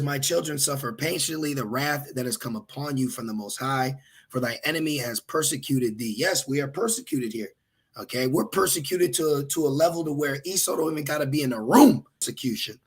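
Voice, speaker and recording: Husky-voiced man preaching casually. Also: medium pitch, fairly bright tone. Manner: conversational, checks in with listeners. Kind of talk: informal scripture teaching.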